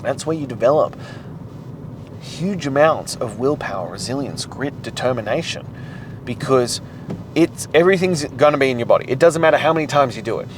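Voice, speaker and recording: A man of middle pitch delivers a motivational podcast monologue in an intense, profane, emphatic manner. He drives his points home with repetition and blunt language. A faint hum sits behind the voice. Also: animated, brisk. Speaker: podcast host.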